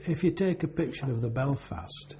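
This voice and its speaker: An older man recalls serving in the navy during an oral history interview, his account halting, rambling and full of fillers. He's animated, with a medium-pitched, mellow voice. The recording has a dull, lo-fi quality and a faint hum.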